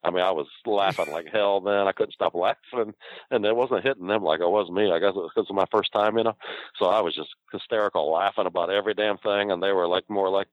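Ex-wrestler man, low voice, swears and laughs through a story; dry, dull lo-fi sound. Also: fairly even intonation, fast talker, dry recording. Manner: laughs often, swears freely. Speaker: former pro wrestler, guest. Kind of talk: casual storytelling.

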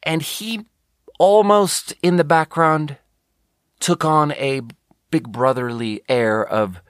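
A man's voice: medium pitch, a bit bright, no echo. Rambling man telling a story, dry sound. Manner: rambling, self-correcting storytelling; casual swearing. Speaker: podcast host. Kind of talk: casual podcast monologue.

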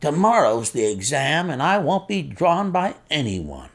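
A man reading an audiobook, voicing a rude, angry young male student who roars slowly and with hostility. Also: on the high side, very animated, vocal fry, voice pushed up, exaggerated voice. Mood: furious. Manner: roaring, slow and hostile.

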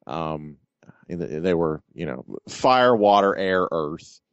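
Male podcast co-host, very low voice, dry close sound, halting explanations. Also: lively intonation, clear, resonant tone, no room sound, highs cut off. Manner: halting, lots of ums and uhs while explaining. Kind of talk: casual chat.

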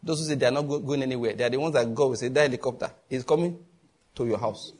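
A man with a Nigerian accent preaching a sermon as pastor, telling lively stories with quick asides and bursts of laughter. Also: mid-range voice, breathy edge.

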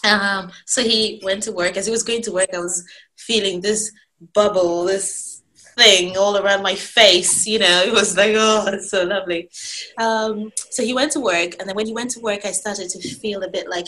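A woman in her thirties, a guest in an interview, telling a long personal story in a casual, animated way and acting out her own past lines. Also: medium pitch, normal speed, poor audio.

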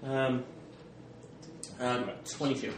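A man's voice: medium pitch, flat delivery, slow pace, echoey room, slight background noise. A man playing in a tabletop game, playful and hammy. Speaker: player.

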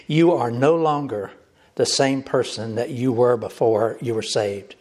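A man's voice: mid-range voice, unhurried, a little mellow. A male pastor preaching a sermon, emphatic and repetitive, speaking directly to the congregation.

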